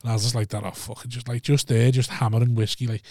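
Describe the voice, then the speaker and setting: A man's voice: mid-range voice, level tone, fast talker, a little mellow, no echo, studio quality. A man in his thirties hosting a podcast, telling rowdy stories in casual chat and swearing freely. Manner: swears a lot, tells stories acting out others' lines. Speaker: podcast host.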